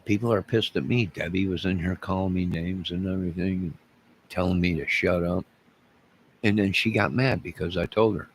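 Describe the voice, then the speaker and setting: A man with a very low, gravelly voice hosts his own video channel. He rambles from one thing to the next and keeps restarting his sentences. A faint hiss of noise sits behind him. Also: normal speed, poor audio. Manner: rambling, digressive, with frequent restarts. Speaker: YouTube channel host. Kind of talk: rambling solo vlog.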